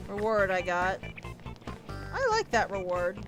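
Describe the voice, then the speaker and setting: On the high side with lively intonation, this woman's voice moves at a normal pace as she streams a game. Her commentary is casual and chatty, full of thinking aloud and frequent "like," with the game's music audible behind her.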